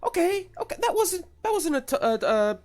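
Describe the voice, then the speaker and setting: A woman's voice: very high voice, very animated, darkish tone, voice pushed up. A woman doing a flustered, fretful woman. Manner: hurried, stammering, fretful. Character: flustered adult woman, hurried and anxious.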